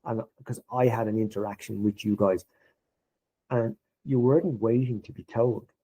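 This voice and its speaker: A man's voice: lowish voice, normal speed, a little hiss or hum, rough recording. A middle-aged man, a podcast guest, telling workplace stories in casual conversation and acting out the dialogue in a lifted voice. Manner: animated, acts out quoted dialogue in a raised voice.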